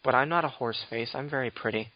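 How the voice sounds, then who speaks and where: A man's voice: mid-range voice, fast, dry recording. A young man hosting a podcast, chatting casually in a teasing, mock-offended, rambling way. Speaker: podcast host. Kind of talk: casual banter. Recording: dull lo-fi dry audio.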